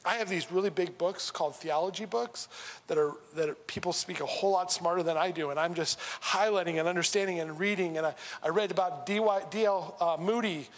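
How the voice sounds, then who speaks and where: A high-pitched man preaching in a church hall with a long, ringing reverb. He talks loosely and with humor, stopping and restarting his sentences as he goes. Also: a little fast. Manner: conversational, humorous, with frequent restarts. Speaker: pastor. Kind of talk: sermon. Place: church sanctuary.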